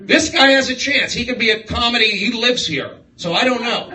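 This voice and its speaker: A man doing a rambling stand-up set, riffing excitably on the crowd in a small comedy room. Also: very high voice, fairly quick, hardly any pauses. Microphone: far live-stream phone mic. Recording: echoey, distant livestream with room noise.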